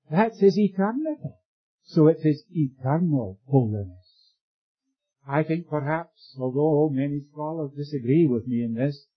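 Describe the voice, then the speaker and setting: A man preaching a sermon in a measured, emphatic way, asking rhetorical questions and answering them. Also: on the high side, breathy edge. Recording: muffled lo-fi recording.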